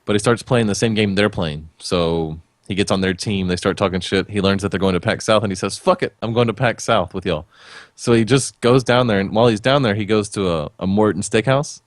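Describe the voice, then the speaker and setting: A man's voice: on the low side, fairly quick, hardly any pauses, no echo, clean studio sound. A man co-hosting a gaming podcast, chatting casually and bluntly, swearing freely. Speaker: podcast co-host.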